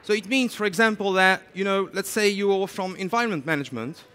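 A man giving a lively conference talk, chatty and animated, often saying "you know". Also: high-pitched, brisk. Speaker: conference speaker. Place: conference stage.

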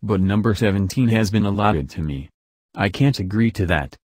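Man doing a spirited young heroine, audiobook, headstrong, low voice, dry sound. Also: normal speed, darkish tone, no room sound, natural voice. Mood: firm. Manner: firm, then pleading.

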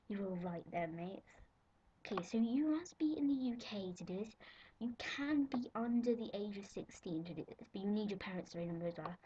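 A woman's voice: mid-range voice, mellow. Giddy breathless young girl vlogging. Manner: giddy, breathless, drifting into whispers. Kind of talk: excited casual vlog. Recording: dull lo-fi webcam audio with faint hiss.

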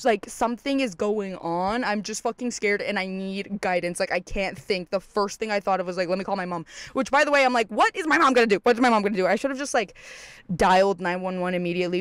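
A young adult podcast host telling a story casually, swearing often, full of fillers, acting out their own past lines, and swinging high and loud when excited. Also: clean tone, dry recording.

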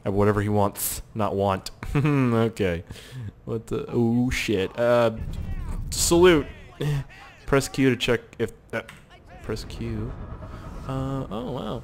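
A man's voice: medium pitch, lively intonation, takes it slowly, vocal fry. Joking, profane young man gaming. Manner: joking, profane, puts on silly voices for characters. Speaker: gaming YouTuber. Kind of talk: let's play commentary.

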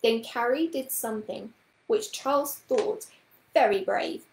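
A woman reading a children's book aloud in a gentle, expressive storytelling manner. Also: fairly high pitch, a little slow, gravelly, roomy sound, a little hiss or hum, low-quality recording.

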